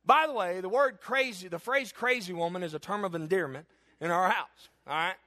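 A middle-aged man preaching a sermon as a pastor, telling jokes and stories in an animated way. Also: high voice, a little fast. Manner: animated, joking storyteller. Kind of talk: humorous sermon.

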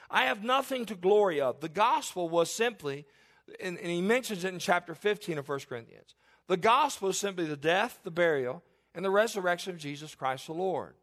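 High-voiced man in his forties preaching. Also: fairly bright tone. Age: 40s. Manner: emphatic, repeats and restarts phrases. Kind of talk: sermon with Bible reading.

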